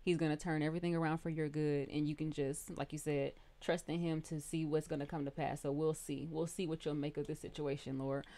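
Low-voiced woman in casual faith talk. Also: fairly quick, few pauses. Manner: animated, exclaims and reads scripture aloud. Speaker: podcast co-host.

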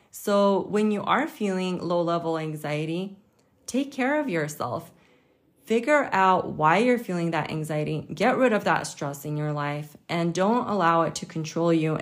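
A woman hosting a casual health podcast, talking informally with lots of fillers and the odd light laugh. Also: on the low side. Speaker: podcast host.

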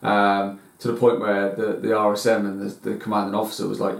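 A man's voice: monotone, brisk, gravelly, hardly any pauses, reverberant, distant mic. A man, talking reflectively and hesitantly on a casual podcast. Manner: low-key, reflective, hesitant with ums. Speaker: podcast co-host.

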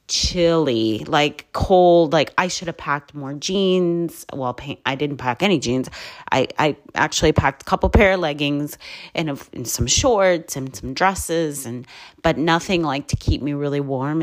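Low-voiced chatty woman telling travel stories. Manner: rambling, with many fillers and restarts; lively and chatty when retelling stories. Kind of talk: casual travel storytelling.

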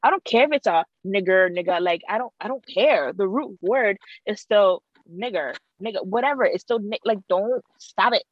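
A woman's voice: medium pitch, expressive, normal speed, hardly any pauses, dry recording. Blunt woman chatting casually and cursing freely, dry, muffled lo-fi sound. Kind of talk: casual chat.

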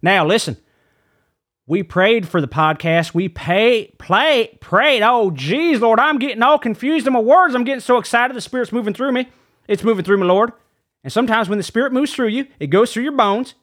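Using a very high voice at normal speed, a man plays an excitable, rambling male reverend delivering a comedic mock prayer as a guest preacher. The mood is fervent; he tacks "Lord" onto almost every phrase and stumbles over his words, recorded on a studio dynamic mic.

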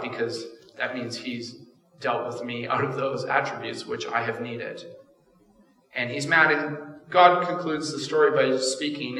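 A man's voice: mid-range voice, sharp tone. A male pastor preaching a sermon, telling a story in a casual, humorous way. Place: church auditorium. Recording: echoey hall from far off.

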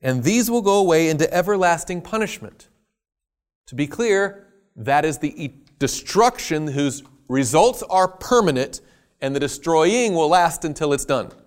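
A man preaching a sermon, stressing key words loudly and then dropping to quiet asides. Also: a little high, animated, unhurried, smooth. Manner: emphatic, swinging between loud stresses and quiet asides.

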